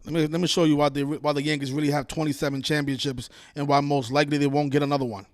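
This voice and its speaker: A man's voice: fairly high pitch, flat delivery, very fast, background noise. A man ranting in casual commentary as a channel host, profane and indignant, talking over his own clips.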